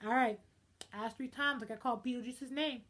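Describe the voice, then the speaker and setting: A young woman ranting in a casual vlog, dramatic and animated, swinging between loud outbursts and hushed asides. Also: fairly high pitch, fairly quick. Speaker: vlogger.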